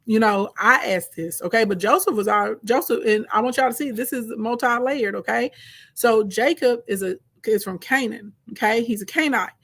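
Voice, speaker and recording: A woman's voice: on the high side, normal speed, husky. Conversational woman retelling a Bible story. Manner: lively, conversational, frequent "okay?" check-ins. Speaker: Bible teacher. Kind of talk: casual Bible storytelling lesson.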